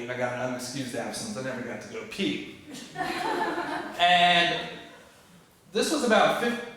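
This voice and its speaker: Animated male storyteller in an echoey hall. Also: fairly high pitch, distant mic. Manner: animated, self-mocking, acts out dialogue. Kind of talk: live personal storytelling. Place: stage at a storytelling show.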